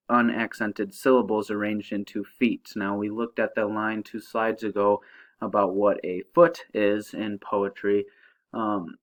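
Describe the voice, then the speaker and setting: A young man teaching a high school English lesson over slides, talking casually and checking in with "okay?" as he explains. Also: rough recording. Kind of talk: recorded slide-show lesson.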